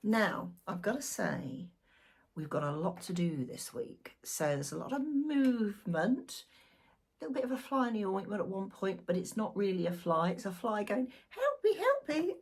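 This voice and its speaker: Chatty, husky-voiced woman reading tarot. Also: medium pitch, expressive, normal speed. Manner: chatty, exuberant, with asides and humming. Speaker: tarot reader. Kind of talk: casual weekly tarot reading. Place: home room, seated in a squeaky chair.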